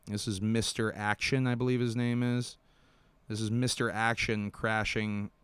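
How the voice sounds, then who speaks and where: A man with a low, very smooth voice talks casually while introducing and commenting on clips. The sound is dry and close. He pauses with fillers as he thinks. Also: no echo. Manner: relaxed, thinking aloud with fillers. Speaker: podcast host.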